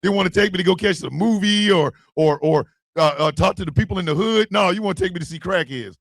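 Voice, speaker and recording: A man hosting a stream, ranting and joking loudly with profanity and frequent laughter. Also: sits high, quick pace, creaky. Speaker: streaming show host. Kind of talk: casual comedic rant.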